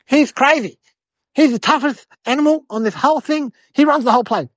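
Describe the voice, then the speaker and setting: A woman's voice: high voice, a little fast, natural voice. A woman voicing a nervous grown-up farmer uncle who gives stern, urgent warnings.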